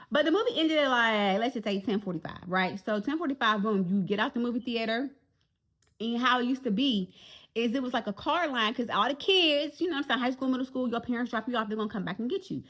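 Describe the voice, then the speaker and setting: Animated woman in her forties telling a story, bright, lively delivery. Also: on the high side. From Jacksonville, Florida. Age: 40s. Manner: animated, talks straight to viewers. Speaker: vlogger. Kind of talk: storytime vlog.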